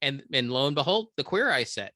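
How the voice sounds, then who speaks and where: A man's voice: mid-range voice, very animated, fairly quick, bright, forceful tone, dry recording, clean studio sound. A man talking casually as a podcast guest, easygoing and a little hesitant, restarting his sentences. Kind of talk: casual chat.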